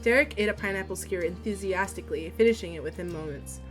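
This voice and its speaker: A young woman streaming a story game, reading the text and dialogue aloud in a steady voice and breaking into giggles and swearing between lines. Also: mid-range voice, a little fast, few pauses, faint music behind.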